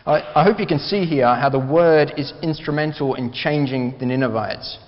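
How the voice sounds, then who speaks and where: A man's voice: a little high, muffled recording. Man preaching in a reverberant hall. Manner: earnest, emphatic preaching with slow stressed phrases. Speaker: pastor. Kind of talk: sermon.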